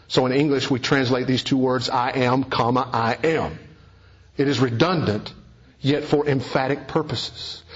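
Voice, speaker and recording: Man preaching with big swings in emphasis. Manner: wide swings between soaring emphasis and hushed low passages. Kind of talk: sermon. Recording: dull lo-fi recording.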